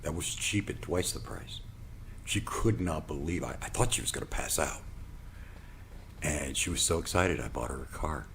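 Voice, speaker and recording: A man's voice: very deep voice, normal speed, slight background noise. A man telling a personal story in a monologue, acting out quoted lines and sometimes dropping to a whisper. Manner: animated storyteller, acts out quotes, drops to a whisper. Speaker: podcast host.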